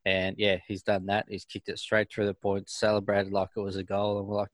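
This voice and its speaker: Co-host, man, low voice, easygoing yarn-teller, dry mic. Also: monotone, a little fast, dry recording. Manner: easygoing storyteller. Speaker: podcast co-host. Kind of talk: casual podcast chat.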